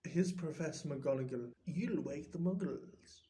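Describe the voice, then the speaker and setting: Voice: medium pitch, warm tone, natural voice. A reader doing a stern whispering woman professor. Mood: scolding. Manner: whispered, brisk and scolding.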